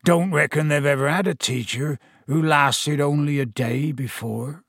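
A man voicing a huge, gruff gamekeeper who is drunk and miserable, speaking thickly and slowly. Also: high voice, big pitch swings, no room sound, studio quality, pitched above the performer's own voice, exaggerated voice. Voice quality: growling, thick-voiced.

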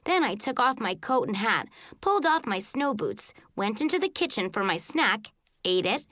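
A woman narrating a children's book in the first person, telling it in an expressive, childlike way. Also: fairly high pitch, moderate pace, no room sound, clean studio sound. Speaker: audiobook narrator.

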